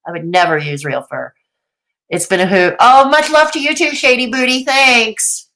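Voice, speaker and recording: A woman's voice: on the high side, moderate pace, bright, forceful tone. A woman hosting a live commentary stream, reading chat aloud in a sarcastic, chatty way and laughing often. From Canada. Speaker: commentary livestream host.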